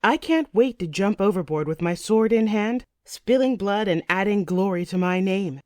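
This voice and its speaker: A woman's voice: medium pitch, lively intonation, moderate pace, darkish tone, no room sound, clean studio sound. Woman narrating a tense saga in first person. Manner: vivid, tense storytelling. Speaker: audiobook narrator.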